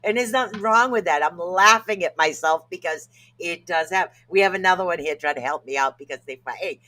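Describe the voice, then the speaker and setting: Talking a little fast in a mid-range voice, a podcast co-host chats casually about self-help with a bright, forward tone. Jokey throughout, they laugh at their own stumbles when difficult words catch them out.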